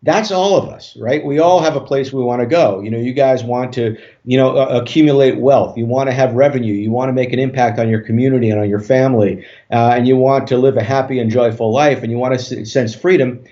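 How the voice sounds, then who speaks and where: A man, a hypnotist guest on an interview show, tells a story in a relaxed way with many fillers and restarts. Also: medium pitch, brisk. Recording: dull lo-fi audio.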